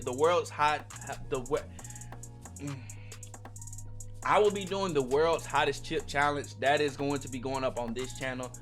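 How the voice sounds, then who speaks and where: A young man telling a casual storytime to his viewers, slangy and animated, talking straight to the audience. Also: fairly high pitch. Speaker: storytime vlogger.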